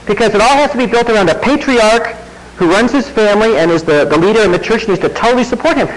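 A man's voice: high voice, animated, quick pace, slight background noise, rough recording. A man preaching a sermon in a conversational way, with wry asides to the congregation. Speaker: pastor.

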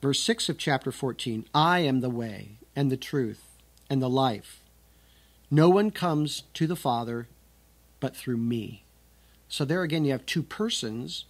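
A man's voice: medium pitch, husky. A man teaching scripture, reading the verses aloud with strong emphasis and then explaining them in a conversational way. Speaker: Bible teacher.

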